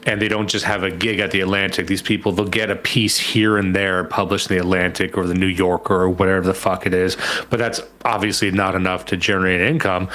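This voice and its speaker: A man's voice: on the low side, a bit bright. A man co-hosting a political podcast, talking in a rambling, sardonic way with free swearing and reading out chat comments. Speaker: podcast co-host.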